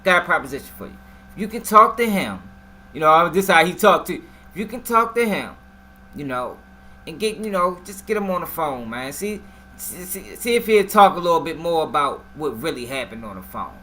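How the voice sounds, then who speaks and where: A man's voice: a little high, big pitch swings, moderate pace, sharp tone, slight background noise. A man mimicking a slick, arrogant detective. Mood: coaxing.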